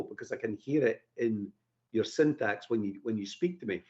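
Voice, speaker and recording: A man who learned the Queen's English talks as a firearms instructor on a live podcast, chatty and rambling with easy laughs. His voice is husky and the stream audio sounds dull. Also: on the low side, brisk, dark tone. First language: British English. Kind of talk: casual live podcast chat.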